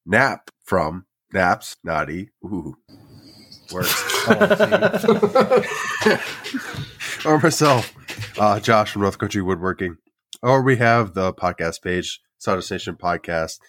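A man's voice: low voice, fairly bright tone, dry recording. A man co-hosting a casual woodworking podcast, running through contact details in a playful, wry way. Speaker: podcast co-host. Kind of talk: casual podcast outro chat.

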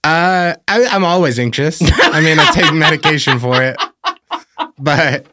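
A man's voice: a little high, normal speed, bright, forceful tone, no room sound. A man as podcast guest, answering in a wry, self-deprecating way. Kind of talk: casual chat.

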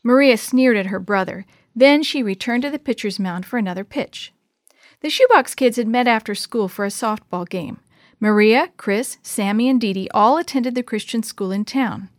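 A woman reading a children's chapter book aloud in a gentle, expressive storyteller voice. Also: a little high, normal speed, no echo, clean studio sound.

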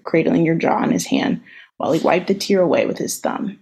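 A woman co-hosting a podcast over a video call, reading a fan story aloud in an even, unhurried way. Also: on the low side, gravelly, breathy edge, low-quality recording. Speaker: podcast co-host.

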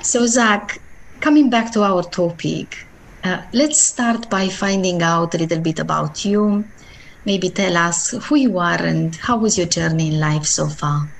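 A woman hosting a podcast interview, speaking in a measured, polite way with frequent fillers. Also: on the low side, vocal fry, slight background noise. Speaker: podcast host.

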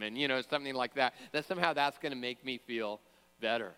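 A man's voice: mid-range voice, fast talker, sharp tone, clear, resonant tone, in a large hall. A man preaching a sermon as pastor, conversational, with joking asides and frequent fillers and restarts.

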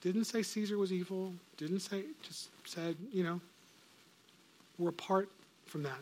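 A man's voice: high voice, measured pace. Earnest man teaching the Bible. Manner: earnest, conversational, quotes scripture with acted voices.

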